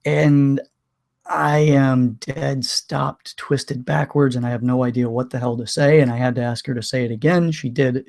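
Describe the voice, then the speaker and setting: A man candidly recounting a painful personal story in a vlog, emotional, with many restarts and pauses. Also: medium pitch, darkish tone. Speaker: vlogger.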